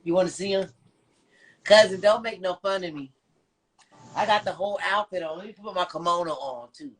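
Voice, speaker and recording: A woman on a podcast, telling stories in a brash, profane, animated way as a guest. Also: lowish voice, a little fast, slight background noise. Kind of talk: casual storytelling chat.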